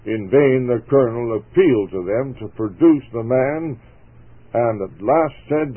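A man's voice: mid-range voice, lively intonation, moderate pace, slightly rough. A man earnestly reading a moral story aloud as a radio preacher, ending with an appeal to listeners. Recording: tinny phone-like radio broadcast.

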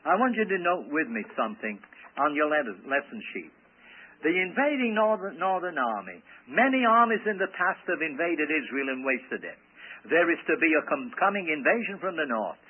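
A man with a high, husky voice preaches with fervent emphasis, pushing his points home again and again. The sound is narrow and tinny, like an old radio sermon. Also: very animated, normal speed. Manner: fervent, emphatic, often asks leave to speak.

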